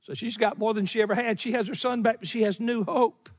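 A middle-aged man delivers a sermon from the pulpit. His voice sits high for a man and rings out with a long hall reverb. He presses hard on key phrases, drawing them out slowly, and breaks into small chuckles between points. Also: fairly even intonation. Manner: emphatic preaching, slowing for key phrases, chuckling asides. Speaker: pastor. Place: church sanctuary.

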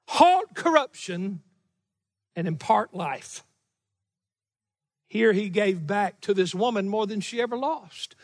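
A middle-aged man preaching a sermon as pastor, emphatic and slowing down on key phrases, with chuckling asides. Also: sits high, fairly bright tone, long reverb tail. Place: church sanctuary.

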